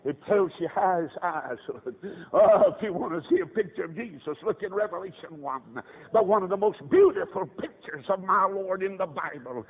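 An older man preaching a revival sermon, fervent, moving from hushed storytelling to high shouted cries. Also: lively intonation, moderate pace, slightly rough. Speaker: evangelist preacher. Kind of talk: old-time revival sermon. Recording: tinny lo-fi sermon tape.

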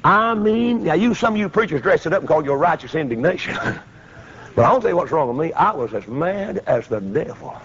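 Preacher man telling a story from the pulpit, high voice swinging all over, dull old lo-fi tape. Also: brisk, slight background noise. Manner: folksy, animated, breaks into shouts. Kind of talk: storytelling sermon.

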